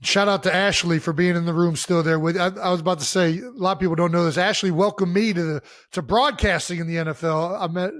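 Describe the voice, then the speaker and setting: A man's voice: high voice, steady tone, quick pace, few pauses, fairly bright tone. A man co-hosting a podcast in a casual, joking way, laughing a lot. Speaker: podcast co-host. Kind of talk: casual chat.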